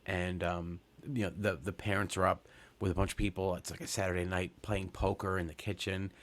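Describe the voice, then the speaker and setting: A New man in his thirties tells a long story on his podcast. His voice sits very low and stays casual. He rambles, restarts his sentences, and swears all the way through. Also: flat delivery, brisk, a bit bright. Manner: rambling, profane, lots of fillers and restarts. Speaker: podcast host.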